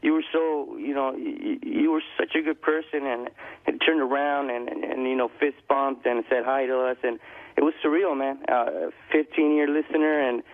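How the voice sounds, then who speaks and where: A man's voice: mid-range voice, fairly even intonation, normal speed. Starstruck guy calling in, rambly, tinny phone sound. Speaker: caller. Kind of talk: phone-in chat.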